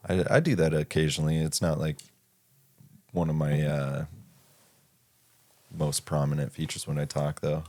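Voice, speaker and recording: A man's voice: rumbling low, fairly even intonation, moderate pace, pauses often, darkish tone. A young man co-hosting a podcast, chatting in an easygoing way and agreeing often. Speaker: podcast co-host. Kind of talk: casual chat.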